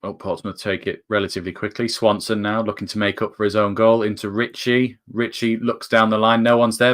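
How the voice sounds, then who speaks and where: A man's voice: fairly low pitch, a bit bright. A man with a northern English accent giving jokey live fan commentary on a football match, his voice climbing with the action. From northern England. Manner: chatty, jokey, rises sharply with the play.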